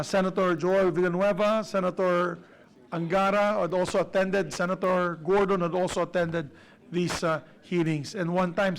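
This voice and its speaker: A man's voice: high-pitched, rough recording. A man, speaking as majority leader in a formal floor speech, with frequent hesitations. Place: legislative chamber.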